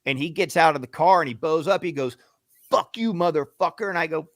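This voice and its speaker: A man co-hosting a radio show, telling a story with animated, profane energy and acting out arguments. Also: on the high side, fast talker, dry recording, studio quality. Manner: profane, acts out shouting matches in quotes.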